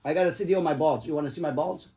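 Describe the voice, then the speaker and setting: A middle-aged man with a slightly high voice tells jokey, rambling stories over dinner. He drops casual profanity and never hurries to the point. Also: racing, warm tone. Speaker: father telling stories to his family. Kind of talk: casual storytelling at the dinner table.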